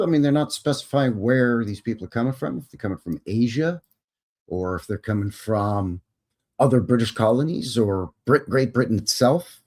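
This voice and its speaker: A man's voice: mid-range voice, expressive, normal speed, darkish tone. Canadian man reading with wry asides. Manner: reads text aloud then adds wry asides; folksy, says "bud" and "eh". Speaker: livestream host. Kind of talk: casual commentary reading aloud.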